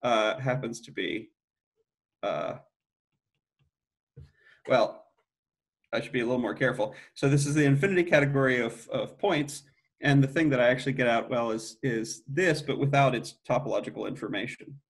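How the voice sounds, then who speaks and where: A man's voice: medium pitch, normal speed, gravelly, long pauses. A middle-aged man giving an academic mathematics lecture, thinking aloud with frequent restarts and self-corrections.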